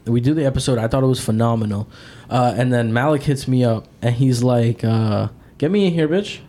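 A man hosting a casual podcast, talking loosely with his friends. His voice sits in a middle pitch and he swears freely. He breaks into laughter often. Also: fairly even intonation, fairly quick, dark tone. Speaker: podcast host. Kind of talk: casual chat.

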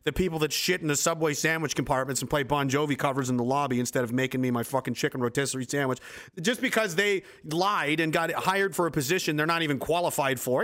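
Man in his twenties, streamer, heated and sarcastic, swears a lot, fairly high voice. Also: sharp tone. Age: 20s. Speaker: livestream host. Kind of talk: angry political rant on a livestream.

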